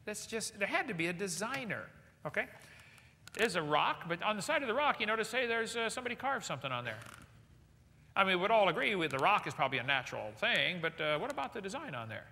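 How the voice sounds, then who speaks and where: Animated high-voiced man lecturing. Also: quick pace, gravelly, slight background noise. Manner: animated, asks the audience rhetorical questions; jokey asides. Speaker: seminar speaker. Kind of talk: lecture to a live audience. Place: large hall with an audience. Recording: long hall reverb.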